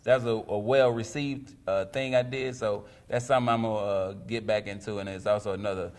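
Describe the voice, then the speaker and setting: A man's voice: on the low side, steady tone, fairly quick. A middle-aged man, a stand-up comedian, chatting casually as a guest and laughing through his stories. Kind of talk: casual interview chat.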